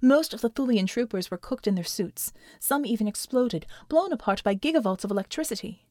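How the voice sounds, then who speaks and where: A woman narrating a battle scene in a steady, measured reading voice. Her voice sits a little high, and the recording is dry with no room sound. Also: dry recording. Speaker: audiobook narrator. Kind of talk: scripted narration.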